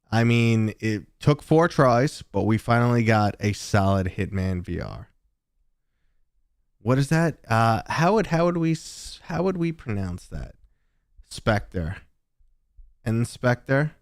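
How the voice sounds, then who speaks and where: A man with a New York accent, hosting a casual livestream and chatting with viewers in a talkative, relaxed way. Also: mid-range voice, slow pace, smooth, dry recording, clean studio sound. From New York City. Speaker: livestream host.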